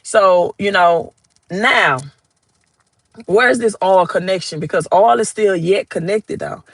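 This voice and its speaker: A man's voice: sits high, slow, fairly bright tone, no room sound, low-quality recording. A man with a Southern US accent giving casual finance commentary, rambling and often checking in with "right?".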